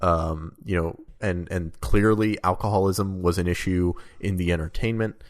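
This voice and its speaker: Low-pitched man for a casual game podcast; hesitant, rambling delivery. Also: fairly even intonation, normal speed. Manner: rambling, hesitant, with many ums and laughs. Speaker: podcast co-host or guest. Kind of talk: casual video game discussion.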